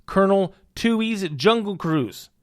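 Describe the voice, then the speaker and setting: A man's voice: high-pitched, animated, unhurried, no echo, studio quality. A young man hosting a podcast, riffing on news with puns and hyped, jokey asides. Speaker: podcast host. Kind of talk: comedic news commentary.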